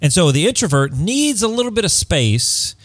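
A man's voice: sits high, sing-song, moderate pace, no room sound, clean studio sound. A man co-hosting a casual advice chat, talking in a conversational way and acting out quoted remarks. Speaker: podcast co-host.

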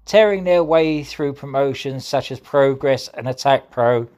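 A man with an everyday mid-range voice reads a scripted introduction. He keeps it deadpan and mock-serious, like a promo announcer. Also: medium pitch, unhurried. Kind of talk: scripted narration.

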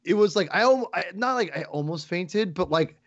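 A man with a fairly high voice tells his story in a rush of excitement, tripping over his words and restarting his sentences again and again. The sound is a little dull and lo-fi, with no room echo at all. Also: normal speed. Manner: excitable, rambling with many restarts. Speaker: podcast guest. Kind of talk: casual chat.

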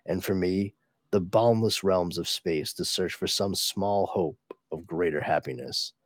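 A man voicing a grave, remorseful ancient alien ruler from a comic, talking slowly and solemnly in a low voice. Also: no room sound. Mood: solemn regret.

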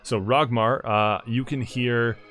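A man's voice: medium pitch, fairly even intonation, takes it slowly, a bit bright, soft background music. Young man running a tabletop game. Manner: rambling, laughs often. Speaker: game master.

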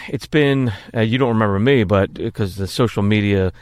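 A man's voice: fairly low pitch, fairly quick, a little mellow, smooth, no echo. A man hosting a live-streamed podcast, chatting casually and asking rambling, self-mocking questions. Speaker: podcast host.

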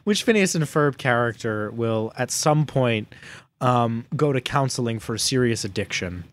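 Playful, lively-voiced male podcast co-host. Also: mid-range voice, unhurried. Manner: playful, jumps into bits and voices. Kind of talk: casual comedic chat.

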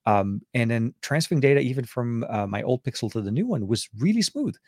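A man's voice: mid-range voice, brisk, no echo, clean studio sound. A man hosting a casual tech podcast, rambling and correcting himself as he talks through his gadgets. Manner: rambling, self-correcting, excited asides. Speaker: podcast host.

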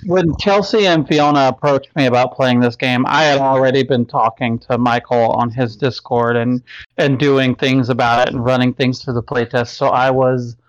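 A man's voice: mid-range voice, fairly even intonation, normal speed, dry recording. Chatty man on slightly muffled audio. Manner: chatty, full of likes and you-knows. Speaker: player. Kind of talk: casual tabletop game planning chat.

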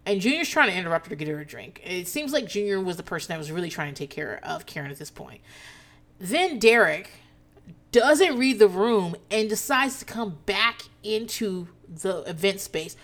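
A woman casually recapping a reality TV episode, animated and profane, laughing often as she talks. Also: mid-range voice, normal speed. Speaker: TV recap host.

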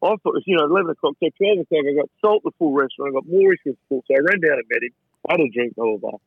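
A man's voice: a little high, lively intonation, rapid-fire, slightly rough, no echo, narrow, tinny audio. A man with an Australian accent, a chef telling stories from his career in a casual interview, often stumbling and repeating words as he goes. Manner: chatty, stumbling repetitions of words. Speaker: chef and restaurateur, interview guest. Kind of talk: casual anecdotal storytelling.

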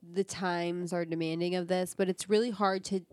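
A woman's voice: lowish voice, level tone, normal speed, no room sound. A woman co-hosting a casual podcast, talking in a rambling way with many fillers. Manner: filler-heavy, rambling, laughs easily. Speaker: podcast co-host. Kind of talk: casual chat.

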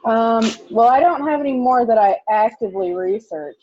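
A woman's voice: fairly high pitch, expressive, normal speed, muffled recording. A woman co-hosting a casual podcast, giving brief, hesitant replies. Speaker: podcast co-host. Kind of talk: casual chat.

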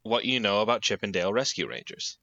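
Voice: medium pitch, fast, bright, forceful tone, no room sound, dull audio. A game master running a tabletop role-playing podcast, playful and blunt. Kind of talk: actual-play podcast chat.

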